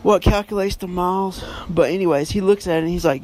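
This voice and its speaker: A man's voice: high voice, quick pace, darkish tone, a little hiss or hum. A man hosting a podcast, giving a casual book review in a rambling way, full of fillers and self-corrections. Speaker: podcast host.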